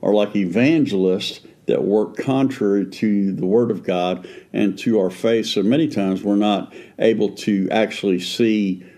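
A man's voice: fairly low pitch, unhurried, hardly any pauses, warm tone. A man co-hosting a faith podcast, talking in an earnest, conversational way with frequent restarts. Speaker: pastor and podcast co-host.

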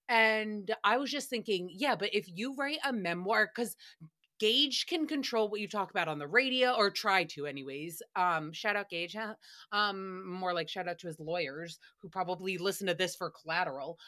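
A woman's voice: mid-range voice, animated, normal speed, sharp tone. A woman hosting a casual solo recap podcast, chatty and profane, often breaking into laughter. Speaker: podcast host.

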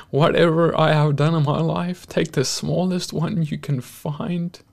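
A man hosting a devotional talk, speaking in an earnest, heartfelt sermon style. His voice sits a little high and carries a gravelly fry. He talks very slowly and leaves long pauses between his phrases. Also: a little mellow. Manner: earnest, emotional, pausing often. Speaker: host.

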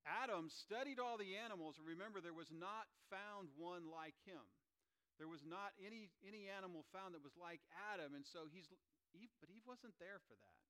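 A man preaching a sermon as pastor in a church, animated, asking the congregation questions and joking with them. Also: sits high, normal speed.

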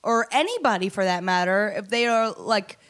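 A woman's voice: mid-range voice, lively intonation, normal speed, fairly bright tone. Earnest young woman thinking aloud. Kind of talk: casual chat.

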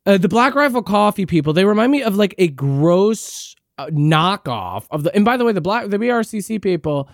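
A man's voice: high voice, very animated, moderate pace, few pauses, no room sound. Man, podcast host, sarcastic rant, profane, rambling, dry close sound. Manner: frequent restarts and fillers. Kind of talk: ranting commentary.

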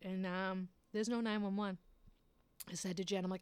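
A woman's voice: medium pitch, flat delivery, moderate pace, clean tone. A woman telling a rambling personal story in a casual way, swearing often and laughing at herself.

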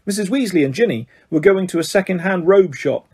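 A man reading a storybook aloud in a husky voice that sits a bit high for a man. He stumbles over a word now and then and corrects himself as he goes. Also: animated, a little fast, darkish tone. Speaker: reader. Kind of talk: storybook narration.

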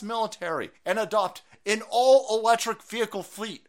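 A male streamer in a furious, profane political rant. His voice swings wildly in pitch, from low grumbles up to sharp yells. The tone is bright and cutting. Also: lively intonation, normal speed. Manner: profane, shouting, sarcastic. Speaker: streamer host. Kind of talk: angry political rant on a livestream.

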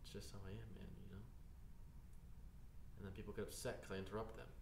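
A man's voice: fairly low pitch, level tone, fast talker. A man co-hosting a podcast in casual chat, rambling, losing his train of thought and saying "dude" constantly, recorded in a library. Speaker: podcast co-host. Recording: echoey room with faint noise.

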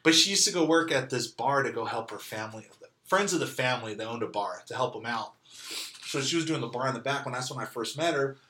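Guy from california telling a story, super bright tone, lots of laughing, roomy echo. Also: mid-range voice, quick pace, a little hiss or hum. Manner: animated, laughing, acts out quoted lines. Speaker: guest telling his story. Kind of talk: casual storytelling.

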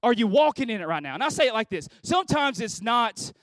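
Man in his thirties, pastor, high voice, conversational sermon, rhetorical questions, dry close sound. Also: sing-song, fast talker, a bit bright, no echo. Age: 30s. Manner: conversational, repeats phrases, asks the audience rhetorical questions. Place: graduation service hall.

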